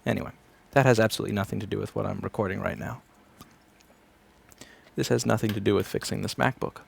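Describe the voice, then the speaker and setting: A repair technician in his thirties rambles on a livestream from his repair shop while working, sardonic and freely profane. His voice sits on the low side, gravelly and husky, with fairly even intonation and a fast pace.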